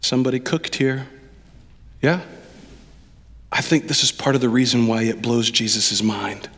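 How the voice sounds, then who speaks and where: A man preaching a lively sermon as pastor, addressing the congregation directly and with animated delivery. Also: mid-range voice, a little slow, big-room sound. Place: church sanctuary.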